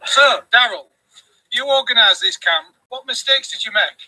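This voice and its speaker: A man's voice: extremely high pitch, normal speed, pushed and bright, poor audio. A man running a casual live interview at a campsite, teasing and joking with the group. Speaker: interviewer on a camping live stream.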